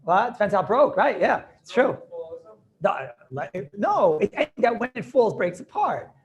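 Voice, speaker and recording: A man's voice: high-pitched, very animated, moderate pace, highs cut off. A man, a rabbi, teaching an informal class over a video call, joking and talking back to his students.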